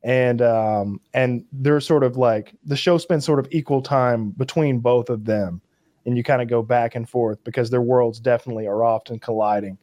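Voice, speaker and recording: A man talks in a loose, rambling way, stacking fillers and false starts as his enthusiasm builds. His pitch sits mid-range, and the sound is dry and close to the mic, with no room echo. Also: steady tone, normal speed, warm tone. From Kentucky. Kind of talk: casual chat.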